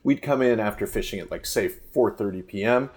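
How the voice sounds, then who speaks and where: Low-voiced man telling a rambling story. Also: a little fast. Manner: rambling, animated anecdotes with frequent restarts. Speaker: fishing guide, guest. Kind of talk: casual storytelling in a podcast interview.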